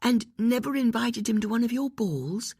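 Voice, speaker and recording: The audiobook narrator voicing a polite woman who asks her questions kindly and slowly. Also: medium pitch, lively intonation, dark tone, husky, no room sound, studio quality, voice pushed up. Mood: gentle. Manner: kindly, measured. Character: gentle, polite woman sleuth.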